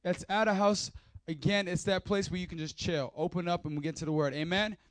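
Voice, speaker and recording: Playful high-voiced young pastor. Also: male voice, steady tone, brisk, no room sound. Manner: joking, playful, hypes the crowd. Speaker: youth pastor. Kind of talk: energetic church service talk. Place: church hall.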